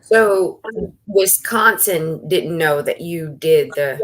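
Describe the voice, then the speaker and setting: Woman, interviewer, slow pace, lowish voice, gentle manner. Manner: gentle, gives frequent soft agreements.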